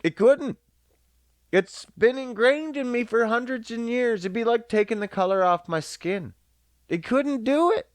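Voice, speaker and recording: A man hosting a podcast, delivering a casual comedic rant full of profanity in an animated, mocking way. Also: extremely high pitch, measured pace, dry recording. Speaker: podcast host.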